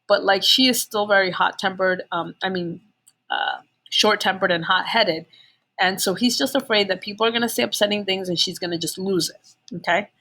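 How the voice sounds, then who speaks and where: A woman's voice: mid-range voice, moderate pace, bright, forceful tone. A woman teacher giving a casual chapter summary, chatty and full of fillers, often checking in with "okay?".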